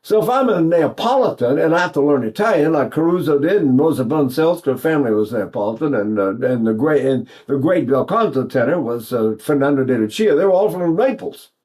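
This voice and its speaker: An older male voice teacher talks through a singing lesson in a chatty, animated way. His voice sits high and swoops through a wide pitch range. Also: brisk, few pauses. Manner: animated, chatty, sings and buzzes examples, mimics Italian speech.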